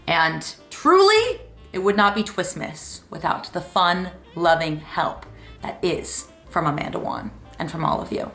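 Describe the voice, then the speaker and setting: A woman's voice: measured pace, soft background music. Chatty woman vlogger venting. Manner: chatty, venting and self-deprecating; animated, with sudden jumps in pitch. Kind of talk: casual vlog chat.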